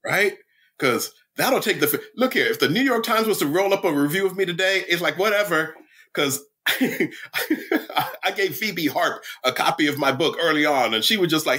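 A man, an author and middle school teacher, telling animated stories as a podcast guest, laughing often and mimicking his students. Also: on the high side, normal speed, breathy edge. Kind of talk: casual storytelling interview.

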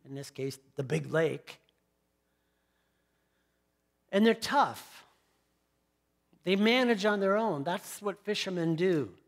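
A middle-aged man delivers a sermon in a fairly high voice. He retells the story in a conversational way and turns to the congregation with asides and questions. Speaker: pastor.

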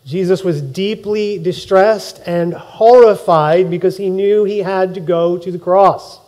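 High, mellow-voiced man preaching. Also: a little slow. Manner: animated storytelling, acting out quoted lines, laughing. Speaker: pastor. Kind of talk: sermon. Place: church.

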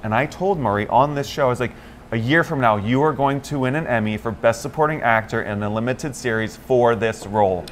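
A man's voice: mid-range voice, fairly quick. Man, morning show co-host, chatty storyteller, plays out quotes, faint background hum. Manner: animated storyteller, acts out quotes in other voices. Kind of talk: casual chat.

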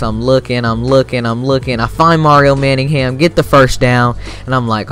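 A young man giving casual, excitable commentary over his own video game match, swearing freely and bursting into sudden yells. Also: medium pitch, moderate pace, soft background music. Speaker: gaming YouTuber.

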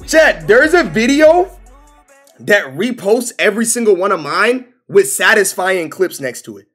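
A man streaming live reacts to posts in loose, profane, exclamatory talk, tacking bro onto nearly every line. He has a high voice, speaks a little slowly, and soft music plays in the background.

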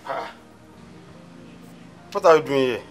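An actor playing a calm, reassuring man who looks after a lost child in a gospel film. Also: medium pitch, slow, soft background music. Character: kindly grown man looking after a lost little girl. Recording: distant voice on set.

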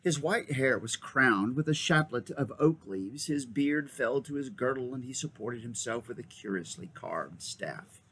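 A man reading a children's novel aloud with lively, expressive storybook narration. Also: mid-range voice, measured pace, few pauses, husky. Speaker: reader.

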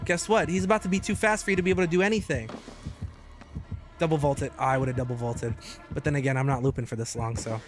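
A man giving joking, excitable commentary while streaming gameplay, often breaking into high shouts. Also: quick pace, over music. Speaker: gaming streamer.

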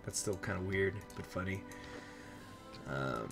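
A man's voice: sits low, animated, a little slow, music in the background. A young man streaming a strategy game live, chatting in a rambling way and reacting aloud to what happens on screen.

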